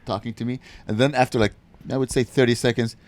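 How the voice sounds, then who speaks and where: A young adult man, a stand-up comedian hosting a podcast, telling profane stories in an animated, brash way. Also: medium pitch, fast talker. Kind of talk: casual storytelling chat.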